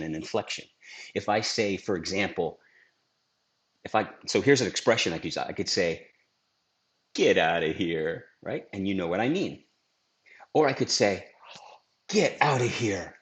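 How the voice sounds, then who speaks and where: A middle-aged man teaching a scripted video lesson on influence as a trainer, emphatic and asking rhetorical questions. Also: on the low side. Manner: lively, emphatic presenter who asks rhetorical questions. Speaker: sales trainer.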